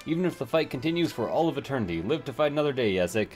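A man's voice: medium pitch, big pitch swings, rapid-fire, a little mellow, faint music behind, lightly acted. A man reading aloud the lines of a stern male village captain in a game, with formal, dutiful delivery.

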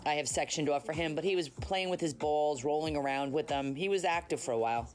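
A low-pitched woman speaks briskly and a bit mellowly while livestreaming from home on her phone at night. The chat with viewers is casual, and she teases them as she answers their comments.

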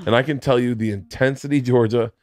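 Animated middle-aged man telling a story. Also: fairly quick, no echo, clean studio sound. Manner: animated, swings into high excited bursts while telling stories. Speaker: podcast co-host. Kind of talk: casual storytelling chat.

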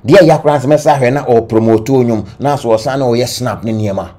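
A man with a Ghanaian accent giving animated entertainment-news commentary, switching between Twi and English. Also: mid-range voice, a little fast. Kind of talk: gossip commentary.

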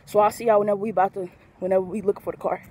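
A woman's voice: medium pitch, steady tone, very fast, very noisy. A woman vlogger talking casually and laughing while filming a prank on her phone outdoors. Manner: laughs between lines. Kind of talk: casual vlog talk. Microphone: handheld phone.

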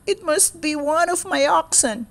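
A woman doing a tearful farmer, pitched high. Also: big pitch swings, takes it slowly, exaggerated voice. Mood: urgent. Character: distressed grown man, a farmer.

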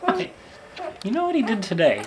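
A woman's voice: fairly high pitch, wildly swooping pitch, normal speed, heavy background noise. A woman at home cooing sing-song baby talk and giggling while she chats to the person filming. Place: family home.

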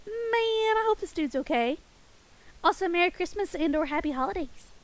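A woman's voice: extremely high pitch, expressive, normal speed, low-quality recording. A woman streaming a game and chatting playfully with her viewers, giggling often. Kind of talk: casual game stream chat with chat.

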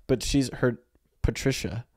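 A man's voice: mid-range voice, a little slow, dry recording, studio quality. A man co-hosting a podcast in casual chat, telling stories and joking around. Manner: joking, animated storytelling. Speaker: podcast co-host.

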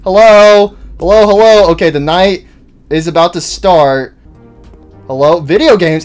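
A young man hosting a horror game let's-play, rambling and jittery, who bursts into high-pitched panicked yelling. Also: measured pace, soft background music. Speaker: gaming channel host.

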